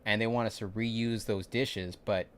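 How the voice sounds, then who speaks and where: A man's voice: fairly low pitch, a little slow, clear, resonant tone. A young man telling a long, rambling story from his work shift in a casual livestream, acting out what people said and often restarting his sentences. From California. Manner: rambling, animated retelling with acted-out quotes and frequent restarts. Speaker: vlogger recounting a work shift.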